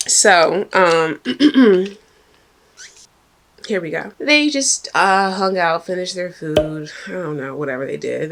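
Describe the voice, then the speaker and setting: A woman telling a personal story to her viewers in a chatty, animated way, talking straight to the audience. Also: sits low. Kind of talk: casual storytime vlog.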